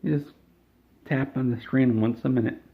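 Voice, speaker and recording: A man voicing a gloomy middle-aged male game studio boss who mumbles and whines, swinging between glum and excited. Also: mid-range voice, moderate pace, gravelly, natural voice. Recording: tinny phone-like sound.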